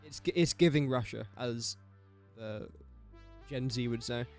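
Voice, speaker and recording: A man's voice: mid-range voice, unhurried, darkish tone, soft background music. A young English man casually commentating his own live game stream, chatty and self-mocking, muttering guesses as he plays. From England. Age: young adult.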